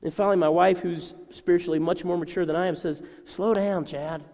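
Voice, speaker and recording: A man preaching a sermon to a congregation, animated and acting out the voices he quotes. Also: high voice, quick pace, creaky, big-room sound. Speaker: pastor.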